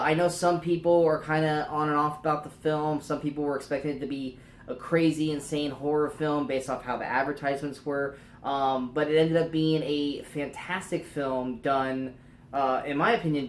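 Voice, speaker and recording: A man's voice: mid-range voice, roomy sound, a little hiss or hum. A man hosting his own casual film review channel, talking loosely with lots of ums and uhs and fixing his own words mid-sentence. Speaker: movie reviewer, channel host.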